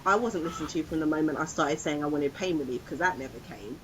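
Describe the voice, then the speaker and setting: A woman's voice: low-pitched, fast talker, fairly bright tone, a little hiss or hum, rough recording. A woman co-hosting a podcast, telling a personal story in a casual chat and acting out the voices of others. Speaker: podcast co-host.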